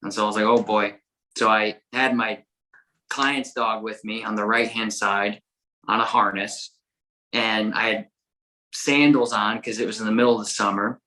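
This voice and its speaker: A man guest on a podcast who tells a story in a casual, excitable way, swearing often and tripping over repeated words. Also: lowish voice, normal speed, rough recording. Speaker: podcast guest, dog trainer.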